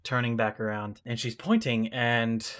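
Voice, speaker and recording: A man's voice: medium pitch, level tone, moderate pace, a bit bright. A young man telling a long personal mishap story in casual, self-deprecating style, full of restarts and asides. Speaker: podcast co-host.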